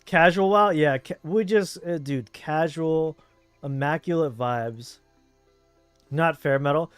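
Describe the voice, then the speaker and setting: This is a man with a Southern Californian accent, chatting easily while he streams a game. His voice sits a touch high, and he talks in loose, rambling runs full of fillers. The sound is dry and close, with music playing faintly behind. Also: takes it slowly, smooth, no room sound. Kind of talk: casual chat while gaming.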